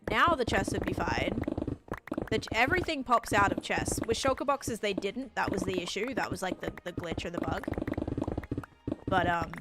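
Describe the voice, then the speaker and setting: A woman's voice: medium pitch, very noisy. A young woman live-streaming a game, chatting casually with viewers in a rambling way with lots of fillers. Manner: patiently over-explaining to chat. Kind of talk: casual live gameplay chat, answering viewers.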